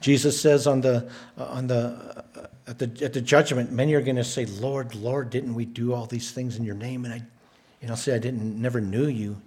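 A man preaching a sermon, stressing points by repeating words, with a measured, emphatic delivery. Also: mid-range voice, fairly even intonation, a little mellow. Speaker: pastor.

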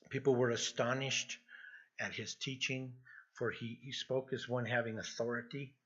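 A man's voice: mid-range voice, bright, forceful tone. A middle-aged man preaching an expository sermon as pastor, earnest and often repeating words as he presses a point. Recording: dull lo-fi sound.

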